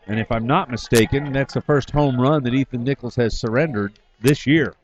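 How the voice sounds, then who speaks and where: A man doing brisk, wry radio play-by-play of a baseball game from a booth at the field, correcting himself as he goes. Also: mid-range voice, a little hiss or hum. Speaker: play-by-play announcer. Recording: slightly dull lo-fi broadcast audio.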